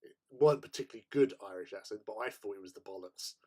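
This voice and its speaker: A man's voice: fairly low pitch, fast talker, warm tone. A man, hosting a hobby stream and telling long anecdotes in a casual chat, often breaking into laughter. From England. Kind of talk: casual chat while painting miniatures.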